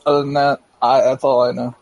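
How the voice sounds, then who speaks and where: Male player, husky and hesitant, dry close mic. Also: mid-range voice, little pitch movement, brisk, a little mellow, no room sound, rough recording. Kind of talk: casual tabletop play.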